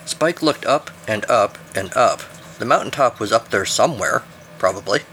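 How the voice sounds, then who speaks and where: A man's voice: on the low side, lively intonation, normal speed, pushed and bright, slight background noise. A man reading his own adventure story aloud with wry, playful narration.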